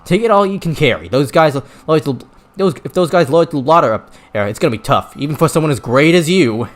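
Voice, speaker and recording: A man's voice: fairly high pitch, lively intonation, brisk, close to an everyday voice. A man doing an urgent, pleading cartoon rabbit king. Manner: raised, urgent, strained delivery. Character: anxious male cartoon rabbit ruler, pleading.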